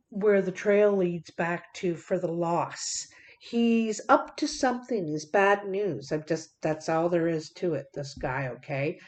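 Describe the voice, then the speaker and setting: A woman's voice: medium pitch, mellow. A woman giving a card reading to her viewers, talking in a folksy, direct way with many fillers. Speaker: card reader.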